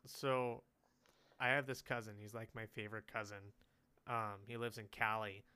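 A man's voice: on the low side, fairly even intonation, normal speed, pushed and bright, clear, resonant tone. A man from California co-hosting a casual podcast, rambling through stories and laughing often. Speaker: podcast co-host.

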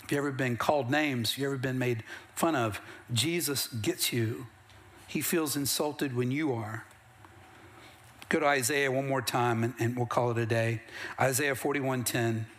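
A middle-aged pastor delivers a sermon in a church sanctuary, his medium-pitched voice steady, fairly bright, and a little slow. He shifts between plain, conversational storytelling and rising bursts of emphasis.

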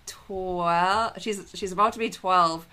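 Bright-voiced woman in her thirties. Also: on the low side, takes it slowly, a little hiss or hum. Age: 30s. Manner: animated, laughing, acts out quoted voices. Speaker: podcast guest. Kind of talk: casual storytelling.

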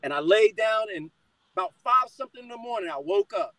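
A middle-aged man speaks with a strikingly high, lively voice that swings up and down as he tells his testimony. He is fired up and keeps calling his listener brother. The sound is close and dry, with no room around it. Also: fairly quick, no echo, poor audio. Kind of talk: personal testimony in conversation.

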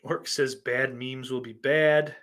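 A man's voice: medium pitch, fairly even intonation, takes it slowly, fairly bright tone. A man hosting a podcast, reading out listener questions in a rambling, profane and sardonic way. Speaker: podcast host.

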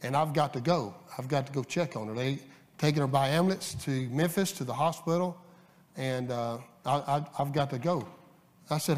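Folksy preacher in a reverberant church. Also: male voice, mid-range voice. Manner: folksy, storytelling, halting with fillers. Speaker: guest preacher. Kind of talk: sermon with scripture reading. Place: church sanctuary.

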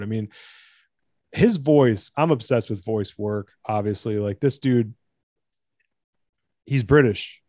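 Profane, rambling American man for podcast chat; dry booth sound, mid pitch. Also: unhurried, long pauses, a little mellow, no room sound. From United States.

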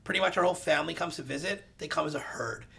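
Gravelly man telling a lively story. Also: on the high side, racing, a loud crowd. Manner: animated, acts out dialogue, gets loud at the punchlines. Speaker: realtor guest telling a story. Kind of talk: casual podcast storytelling.

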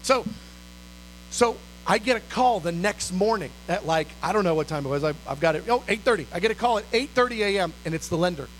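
A man preaching, telling a story in an animated way and acting out the voices of the people in it. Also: sits high, fairly quick, slight background noise, low-quality recording. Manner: animated, acts out dialogue and sometimes shouts. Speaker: pastor. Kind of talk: storytelling sermon.

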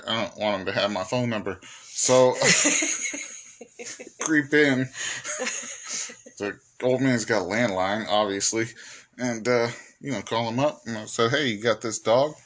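A podcast host telling a silly story in a casual, profane way, laughing often. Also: male voice, lowish voice, unhurried, fairly bright tone. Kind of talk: comic storytelling.

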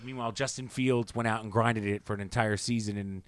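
A man co-hosting a casual sports podcast, talking in opinionated, rambling takes with quick asides. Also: on the low side, fairly even intonation, smooth, no echo. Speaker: podcast co-host.

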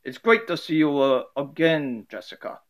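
A man voicing a friendly Russian man in a put-on Russian accent, halting and hesitant. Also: on the high side, animated, natural voice. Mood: cordial.

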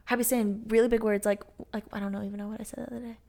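A young American woman in casual podcast conversation, full of quick affirmations and playful asides. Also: a little high, flat delivery, gravelly, a little mellow.

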